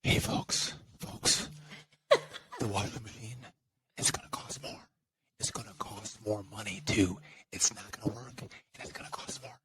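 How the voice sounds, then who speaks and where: A man's voice: fairly low pitch, flat delivery, extremely slow, long pauses, sharp tone, a little hiss or hum, voice pushed down, full character voice. A man doing a whispering impression of an elderly male politician who repeats folksy phrases. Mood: mock-hushed. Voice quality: whispery, breathy.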